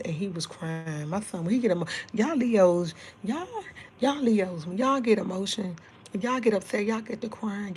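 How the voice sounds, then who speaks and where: Chatting and rambling with her livestream viewers, this middle-aged host laughs a lot and occasionally speaks softly so as to keep the noise down. Her voice is lowish, and there's a little background noise.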